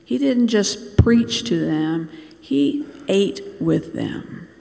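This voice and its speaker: A preacher who grew up in Bangladesh, telling a sermon as a story, slowing down and dropping to near-whispers to make a point. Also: medium pitch, expressive, gravelly, mellow. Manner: storytelling, slows and drops to near-whispers for emphasis. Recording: long reverb in a large hall.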